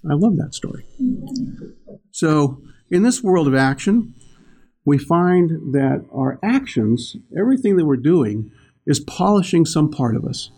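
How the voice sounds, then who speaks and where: Older male speaker, gravelly low-key voice, rambling storyteller giving a morning talk. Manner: rambling, warm storytelling with laughs. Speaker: spiritual teacher.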